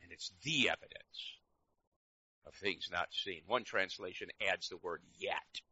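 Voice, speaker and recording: A middle-aged man preaching a sermon, swinging between loud emphatic lines and quiet asides. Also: low voice, measured pace, slightly rough. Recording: dull lo-fi recording.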